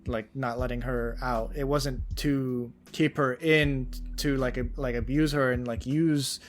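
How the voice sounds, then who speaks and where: A man's voice: medium pitch, fairly even intonation, measured pace. A man co-hosting a casual podcast chat who rambles enthusiastically and fills his talk with "like" and "you know". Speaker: podcast co-host.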